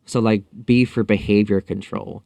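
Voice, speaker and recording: A man's voice: lowish voice, fairly even intonation, vocal fry, darkish tone, no echo. A man speaking as a podcast guest in a casual interview, talking thoughtfully with frequent fillers and restarts. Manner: thoughtful, halting, many fillers.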